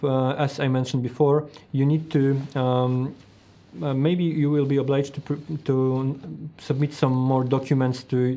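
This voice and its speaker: A man's voice: medium pitch, mellow. A man with a Polish accent presenting a tax webinar in English, hesitant, with many ums and restarts.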